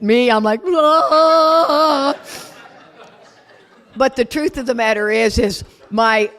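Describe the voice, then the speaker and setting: A middle-aged woman shares her recovery story at a retreat. She talks candidly, with self-deprecating humor, in a voice of ordinary pitch for a woman. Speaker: recovery speaker. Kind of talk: personal recovery talk.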